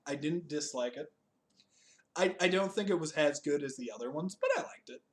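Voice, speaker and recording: A man's voice: fairly high pitch, normal speed. A man co-hosting a casual chat reviewing a TV special, laughing often, swearing and joking at his own expense. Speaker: podcast co-host.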